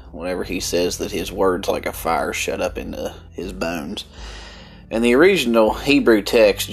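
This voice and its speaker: A man with a country accent preaching a Bible study sermon, earnest and deliberate, with emphatic bursts. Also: on the low side. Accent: Southern US country. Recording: faint music underneath.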